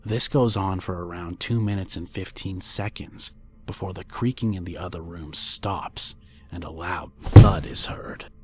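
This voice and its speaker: Deep slow man narrating a horror story. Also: steady tone, background noise. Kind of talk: scripted creepypasta narration. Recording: faint music bed under voice.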